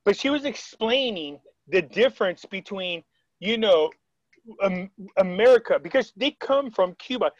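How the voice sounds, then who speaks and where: A man's voice: high-pitched, lively intonation, unhurried, no room sound, lo-fi sound. A man telling a story on a video call in a casual, rambling way, retelling quotes with frequent restarts. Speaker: interviewee.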